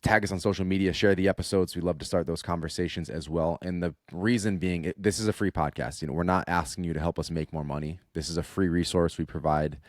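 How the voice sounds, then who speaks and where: Podcast co-host, young man, deep and dry, direct and upbeat. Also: steady tone, quick pace, few pauses, dry recording. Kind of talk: casual podcast chat.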